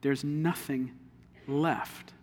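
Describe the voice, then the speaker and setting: Male pastor preaching conversationally, a bit high-pitched, in a hall with a long echo. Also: steady tone, extremely slow, a little mellow. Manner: earnest, conversational preaching with everyday illustrations. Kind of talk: sermon.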